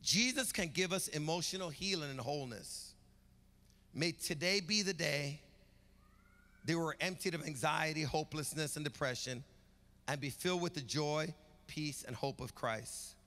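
Male pastor, high bright voice, rhythmic emphatic preaching, reverberant church hall. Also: moderate pace. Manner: rhythmic preaching with rising emphatic build-ups. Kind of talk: sermon. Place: church sanctuary.

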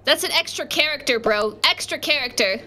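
A young adult woman streaming a game live, chatting casually with viewers in slangy talk and sudden loud outbursts. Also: sits high, expressive, moderate pace. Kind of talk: casual livestream gaming chat. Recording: noticeable background noise.

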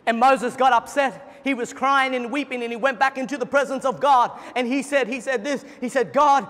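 A man preaching a fervent sermon as pastor at a church service, at times breaking into shouts. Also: very high voice, steady tone, a little fast, long reverb tail.

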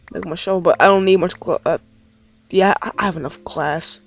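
High-voiced man doing frustrated gaming commentary. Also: steady tone, moderate pace, soft background music. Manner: rambling, easily frustrated, swears often. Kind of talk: let's play commentary.

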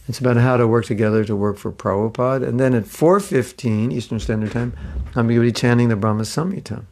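A man leads a relaxed scripture class over video, drifting between points and poking fun at himself. His voice carries a steady gravelly fry at a middle pitch. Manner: rambling, self-mocking humor. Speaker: spiritual teacher. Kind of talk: casual online scripture class.

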